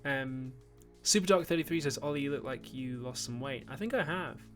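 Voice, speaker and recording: A man's voice: mid-range voice, brisk, fairly bright tone, soft background music. Rambling Geordie man on a livestream. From Newcastle, northern England. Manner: rambling, many fillers and restarts, bursts of mock outrage. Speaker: YouTube host on a livestream. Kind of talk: casual live-stream chat reading super chats.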